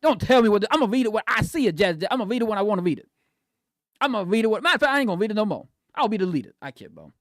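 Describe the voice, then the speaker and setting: A man's voice: expressive, very fast, a bit bright, no echo, clean studio sound. Playful slangy male streamer. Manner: playful, slangy, laughs a lot, shifts pitch often. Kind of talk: casual livestream chat, reading chat messages.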